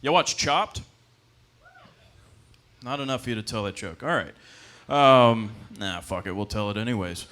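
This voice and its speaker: A man's voice: fairly low pitch, unhurried, pauses often, a bit bright. Young guy doing loose stand-up, lots of ums, laughs at his own lines. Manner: rambling, self-deprecating, with frequent fillers and laughs. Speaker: stand-up comedian. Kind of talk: stand-up comedy set. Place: comedy club stage.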